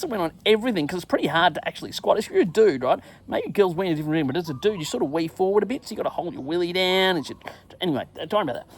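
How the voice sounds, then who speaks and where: A middle-aged man hosting his own show, telling a crude, self-mocking travel story in a casual monologue and acting out his own shouts. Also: high-pitched, expressive, rapid-fire. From England. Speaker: podcast host.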